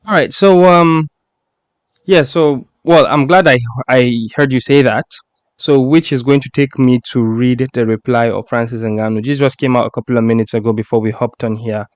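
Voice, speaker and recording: A man's voice: medium pitch, steady tone, moderate pace, no echo. A man hosting a casual live-stream chat about fighting sports, reading tweets aloud and laughing often. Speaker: podcast host.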